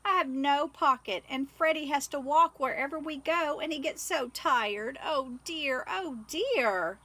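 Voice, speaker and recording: A woman voicing a sad, gentle mother kangaroo who pleads tearfully in a storybook. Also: high-pitched, a little slow, dry recording, pitched above the performer's own voice. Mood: pleading.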